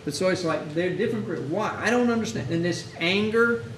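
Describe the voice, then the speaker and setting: A man with a high-pitched, fairly bright voice speaks fairly quickly while teaching hospital chaplains in a conversational lecture. He often acts out exchanges with grieving families, and the recording is from an echoey room with a distant mic and faint hiss.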